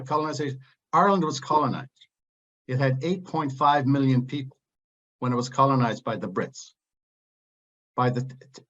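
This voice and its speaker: A man's voice: medium pitch, lo-fi sound. A man speaking as a panelist in a heated open discussion, blunt and impassioned, drifting into digressions.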